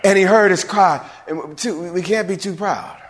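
A man's voice: high-pitched, normal speed. A man, a pastor, preaching a sermon to his church, building to emphatic calls and asking the congregation if they hear him. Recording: long reverb of a large hall.

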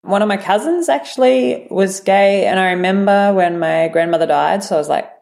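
A woman's voice: medium pitch, normal speed, vocal fry, a little mellow. An Australian woman from rural New South Wales in her thirties, telling her own story candidly as a podcast guest, quoting herself and others and full of fillers. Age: 30s. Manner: frank, quotes herself and others with lots of fillers.

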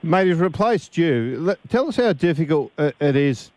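A man's voice: on the high side, very animated, normal speed, darkish tone, dry recording. A man with an Australian accent on a sports radio panel, teasing and asking long questions. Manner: teasing, joking.

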